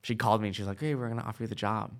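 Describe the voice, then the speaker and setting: Speaking very fast, a lowish-voiced man in his twenties keeps his intonation fairly even. He's a guest in a casual chat, spinning a long personal story full of "like" and quoted lines.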